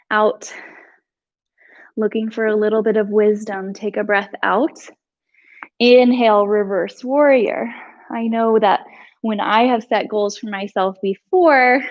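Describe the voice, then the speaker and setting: A woman instructor leading a live yoga flow, giving calm breath cues with chatty asides, a little out of breath. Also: fairly high pitch, dull audio. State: slightly out of breath. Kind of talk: live yoga class cueing.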